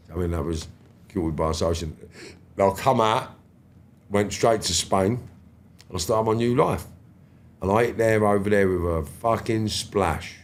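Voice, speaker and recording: A London man in his fifties, a podcast guest telling stories in animated, slangy street talk and swearing freely. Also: on the low side. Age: 50s. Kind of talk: storytelling interview.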